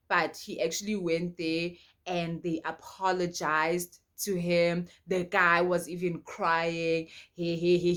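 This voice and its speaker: A young South African woman telling a personal story to her viewers in an animated, emphatic way, repeating lines for effect. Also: on the low side. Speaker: storytime vlogger. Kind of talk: casual storytelling to camera.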